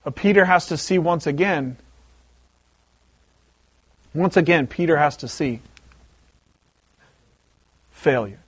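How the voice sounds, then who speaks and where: High-voiced pastor preaching with animation. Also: male voice, slow, long pauses, slightly rough, dry recording. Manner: animated storytelling, repeats words for emphasis. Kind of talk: sermon.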